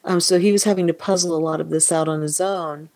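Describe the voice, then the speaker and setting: A woman's voice: lowish voice, fairly even intonation, fast, a little mellow, dry recording. A woman co-hosting a casual book discussion, retelling scenes animatedly and reading passages aloud.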